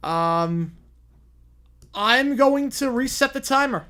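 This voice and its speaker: A man's voice: very high-pitched, lively intonation, slow pace, sharp tone. A man hosting a live stream, chatting casually and rambling, often repeating himself. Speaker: streamer host.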